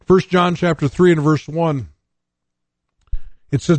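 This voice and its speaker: A man's voice: fairly high pitch, steady tone, slow pace, long pauses, dry recording. An older man from North Dakota preaching a radio sermon, telling his own testimony and reading scripture in an earnest way.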